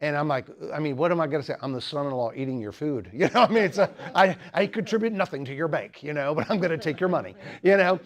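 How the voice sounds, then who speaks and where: A fairly high-pitched young man gives a lecture to a student club. He jokes and teases the crowd, and his talk runs loose with lots of fillers. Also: expressive, quick pace, few pauses. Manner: joking, teasing the audience, chatty with many fillers. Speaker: teacher giving a talk.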